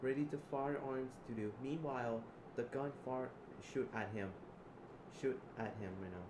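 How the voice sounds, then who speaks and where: A man improvising a role-play with a chatbot, halting and rambling, repeating words, with loud excited bursts. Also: mid-range voice. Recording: echoey room with background noise.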